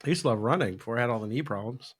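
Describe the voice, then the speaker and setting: A man co-hosting a podcast, chatting in a relaxed, joking way and laughing often. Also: medium pitch, racing, breathy edge. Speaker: podcast co-host. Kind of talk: casual chat.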